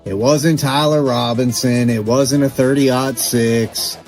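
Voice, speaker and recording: Offhand male podcast host, mid-pitched voice. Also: fairly even intonation, takes it slowly, soft background music. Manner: dismissive, offhand. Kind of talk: casual podcast recap.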